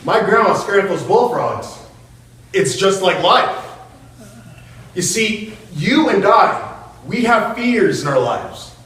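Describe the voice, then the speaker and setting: High-voiced man in an echoing hall. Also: sing-song, slow pace, fairly bright tone. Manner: playful, self-mocking, laughs often. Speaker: public speaker. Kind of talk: storytelling motivational speech. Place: hall with an audience. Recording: echoey hall, mic far off.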